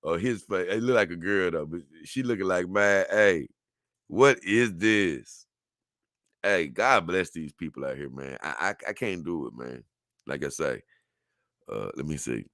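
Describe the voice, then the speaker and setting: A man giving casual, animated reaction commentary, exclaiming and laughing as he talks. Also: low voice, normal speed, no room sound, studio quality. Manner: animated, exclaiming and laughing, dips into mock voices. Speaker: video reactor.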